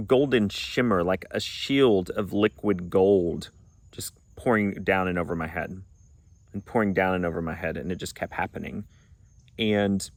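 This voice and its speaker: Earnest low-voiced man telling a story. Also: no echo. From Arkansas, United States. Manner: earnest and reflective, acts out remembered dialogue. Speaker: pagan vlogger. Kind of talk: personal storytelling monologue.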